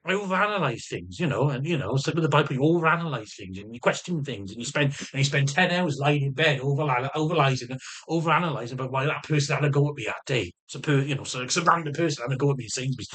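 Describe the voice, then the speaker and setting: Racing along with few pauses, a male vlogger delivers an agitated, defensive rant about his health, cursing nonstop and repeating himself as he rambles. His mid-range voice is expressive and a bit bright.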